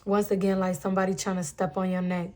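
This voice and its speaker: A woman's voice: medium pitch, completely flat delivery, a little mellow. Earnest woman giving a tarot reading. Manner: earnest, emphatic, drawn-out spiritual talk; addresses viewers as "guys". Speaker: tarot reader.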